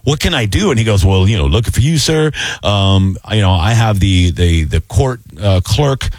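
A man telling a story in casual chat, animated and acting out the voices of both sides. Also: fairly low pitch, moderate pace, no echo.

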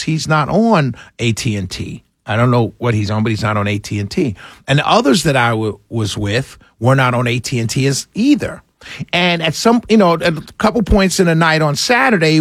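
A man's voice: a little high, a bit bright, dry recording, studio quality. A man from New York City, hosting a casual monologue and chatting through a story with lots of fillers and restarts.

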